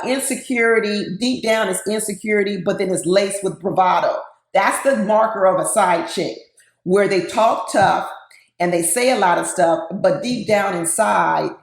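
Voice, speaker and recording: A woman's voice: mid-range voice, vocal fry, reverberant. A woman giving a casual, opinionated recap of a reality TV episode, with many fillers and the odd laugh. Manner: laughs between her comments.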